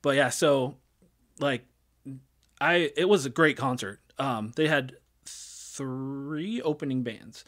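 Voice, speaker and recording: A man's voice: mid-range voice, slow pace, fairly bright tone. A man in his thirties hosting a gaming podcast in casual chat, rambling with many fillers and restarts. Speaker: podcast host.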